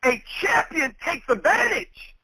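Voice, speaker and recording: A man preaching with a very high, lively voice that rises and falls as he presses each point home. His sound is bright and edgy, recorded close and dry. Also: unhurried, no echo, rough recording. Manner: emphatic, repetitive preaching cadence. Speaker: minister. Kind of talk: sermon.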